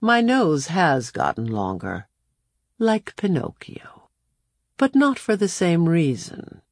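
A woman narrating a storybook in the first person, in a measured, unhurried way. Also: fairly low pitch, dry recording. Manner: measured, unhurried storytelling with lively shifts for dialogue. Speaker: audiobook narrator.

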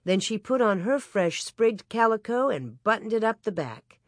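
An audiobook narrator reading a children's story aloud in an even, clear way. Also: medium pitch, normal speed, no room sound, studio quality.

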